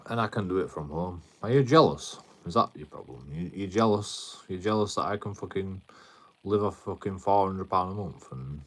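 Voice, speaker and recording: British guy on a livestream, really deep voice, sweary and combative, keeps repeating himself. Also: lively intonation, normal speed. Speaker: live streamer. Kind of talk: ranting at chat on a livestream.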